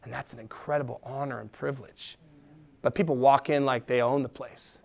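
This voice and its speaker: High-voiced man preaching a lively sermon. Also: moderate pace, gravelly. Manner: animated, acts out quoted voices; drops to a soft, quiet tone for encouragement. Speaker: pastor.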